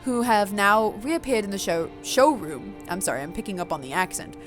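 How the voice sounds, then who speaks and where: A woman's voice: mid-range voice, expressive, normal speed. Woman narrating a vampire story game, chatty and self-mocking, faint music behind. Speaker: player reading a story game aloud. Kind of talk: casual game playthrough with read-aloud narration.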